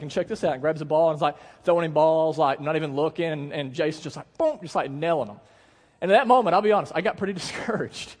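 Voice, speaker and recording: A man preaching a sermon as a pastor, in a conversational, animated way, telling stories and asking the congregation questions. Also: high-pitched, long reverb tail. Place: church sanctuary.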